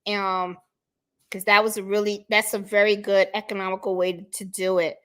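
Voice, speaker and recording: A woman's voice: mid-range voice, level tone, normal speed, a bit bright. A woman from Puerto Rico hosting a casual craft livestream, chatting and greeting viewers by name as she reads their comments. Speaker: craft channel host.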